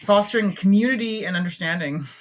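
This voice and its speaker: A Canadian woman co-hosting a podcast in casual chat, playful and quick to laugh. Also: mid-range voice. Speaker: podcast co-host.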